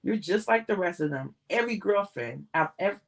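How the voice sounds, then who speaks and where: A woman's voice: mid-range voice, animated, normal speed, gravelly. A woman reading the lines of a self-pitying, defensive music mogul who moans and snaps back when challenged. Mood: indignant. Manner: moaning and snapping.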